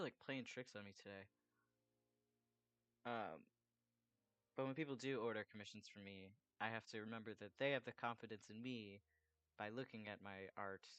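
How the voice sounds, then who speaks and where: A man's voice: on the low side, a bit bright, clean tone, no echo. A man chatting casually while he draws commissions, rambling and swearing freely. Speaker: artist drawing commissions. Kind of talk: casual chat while drawing.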